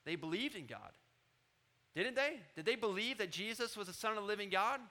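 Speaking at a brisk clip, a thirties-aged pastor gives a lively sermon, raising his volume for scripture and sinking it to confide in listeners.

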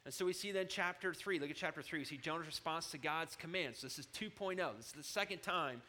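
A man preaching a sermon, moving from low, quiet asides to loud, shouted emphasis. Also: fast talker, slight background noise. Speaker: pastor.

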